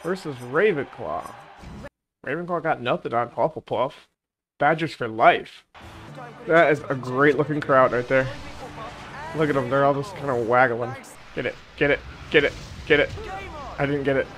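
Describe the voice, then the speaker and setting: A man's voice: medium pitch, moderate pace, long pauses, fairly bright tone. A young man giving casual, joking commentary as he plays a video game, chatty and self-mocking. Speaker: gaming channel host. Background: game music.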